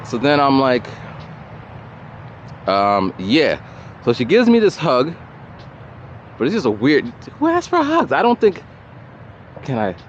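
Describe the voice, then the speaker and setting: A man's voice: mid-range voice, unhurried, long pauses, slight background noise. A man telling a rambling personal story while walking outside, recorded on a camera mic without a separate mic. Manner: animated, rambling, repeats himself. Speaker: vlogger. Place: outdoors by a road with traffic. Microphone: camera or phone mic, no separate mic. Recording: dull lo-fi camera audio.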